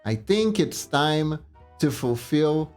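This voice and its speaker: A man's voice: fairly high pitch, lively intonation, slow pace, a little mellow, faint music behind, voice pushed up. A man doing a solemn young anime hero. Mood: mock-solemn.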